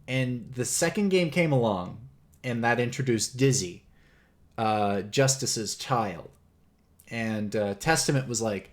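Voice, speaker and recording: In a casual livestream lecture, a male host presents game lore in a mid-pitched voice. He talks slowly and rambles, using lots of ums and other fillers, laughs often, and clears his throat.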